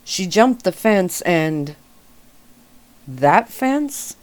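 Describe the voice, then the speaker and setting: A woman's voice: lowish voice, big pitch swings, drawn-out words, full character voice. A woman doing an alarmed young werewolf man.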